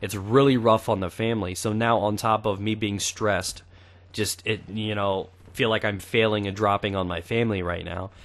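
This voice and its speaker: A man's voice: on the low side, steady tone, normal speed. A young man in his twenties talking casually over gameplay, chatty and crude, swearing freely. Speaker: gaming YouTuber.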